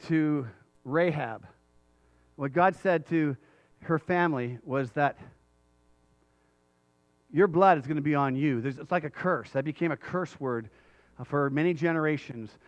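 A man's voice: fairly high pitch, a little slow, pauses often, no room sound, muffled recording. A man preaching a sermon in an earnest way, stopping now and then to read scripture aloud. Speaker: pastor.

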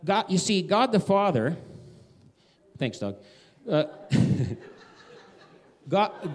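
Guy preaching a sermon, chatty and animated, jumps way up when he acts out quotes. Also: slow. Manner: animated, conversational, acts out quotes with big pitch swings. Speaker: pastor.

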